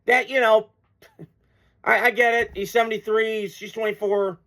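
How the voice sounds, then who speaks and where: A man's voice: high-pitched, level tone, unhurried, sharp tone. A man hosting a sports talk show, delivering a blunt, profane, mocking monologue.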